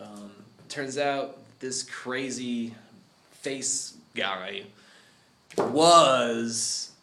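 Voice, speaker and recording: A man casually pitching a story idea, rambling and cursing, laughing now and then. His voice sits at a middle pitch in an echoey studio, with a faint hiss behind. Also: extremely slow, sharp tone. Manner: rambling, profane, laughs often.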